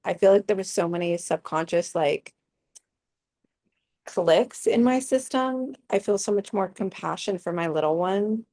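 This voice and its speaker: A woman taking part in a live coaching call, speaking softly and tentatively with many fillers. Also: medium pitch, animated, measured pace, dry recording. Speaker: session participant. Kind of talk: casual conversation on a video call.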